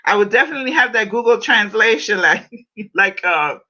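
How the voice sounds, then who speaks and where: A woman's voice: mid-range voice, moderate pace. A woman hosting a podcast, chatting casually and playfully with her guest on a livestream call. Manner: animated, playful, repeats herself. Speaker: podcast host. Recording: dull lo-fi sound.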